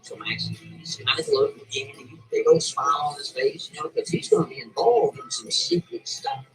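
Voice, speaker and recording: A man's voice: fairly high pitch, wildly swooping pitch, moderate pace, gravelly, faint music behind, poor audio. A man telling a story casually in a rambling way, often checking in with his listeners. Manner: rambling, asks listeners "right?" and "see?".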